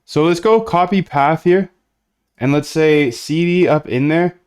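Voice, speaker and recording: A man's voice: on the high side, a little slow, clean tone. A man streaming himself coding, chatting casually and thinking aloud as he works. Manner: thinks aloud while working, chatty and loose. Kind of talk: casual live-coding chat.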